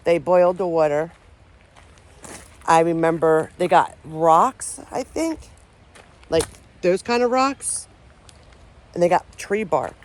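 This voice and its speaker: Her voice is lowish with a darkish tone. She's a paranormal vlogger out in the trees, giving a loose, rambling talk to camera that often sounds uncertain and is full of sentences she starts again.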